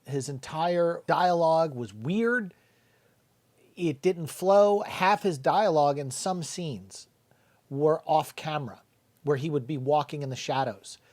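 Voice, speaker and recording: Middle-aged man, film reviewer, blunt and profane, mocks what he reviews, slightly high voice. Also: slow, darkish tone. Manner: blunt, swears freely, mocking quotes of lines. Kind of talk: casual spoken movie review.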